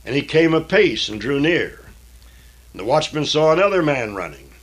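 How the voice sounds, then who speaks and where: A man reading scripture aloud in a deliberate, old-fashioned diction, stopping now and then for plain explanatory asides. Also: on the high side, very animated. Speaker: Bible reader and teacher.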